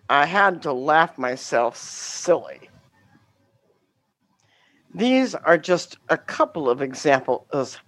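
Slow, dry-voiced woman storyteller. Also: low-pitched, fairly bright tone, dry recording. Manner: slow, deliberate, dramatic delivery with wry humor. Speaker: guest telling a teaching story.

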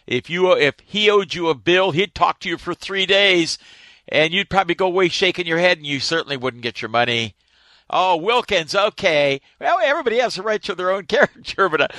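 A man in a casual group discussion about books, giving lively, opinionated asides. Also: fairly high pitch, a little fast, no echo.

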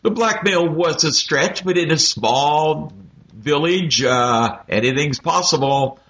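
A man talking animatedly and with strong opinions in a casual book discussion, in quick bursts. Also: fairly high pitch, expressive, a bit bright. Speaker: book club member. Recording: dull lo-fi audio.

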